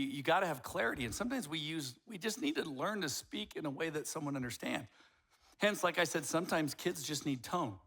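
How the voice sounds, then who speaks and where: An older man preaching a sermon as pastor, telling stories with lively, acted-out dialogue that rises to near shouts. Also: a little high. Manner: animated storytelling, acts out dialogue, rising to near shouts. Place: church sanctuary.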